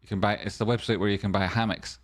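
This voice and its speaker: A man's voice: lowish voice, fairly even intonation, quick pace. A man hosting a stock stream, giving a comedic market news rundown with wry, jokey asides. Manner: wry, jokey asides, sudden softer murmurs.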